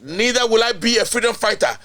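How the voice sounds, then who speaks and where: Fairly quick and sharp in tone, the man's voice sits at an extremely high pitch. He hosts a Ghanaian political commentary show, speaking with indignant emphasis and weaving in local-language chants and repetition.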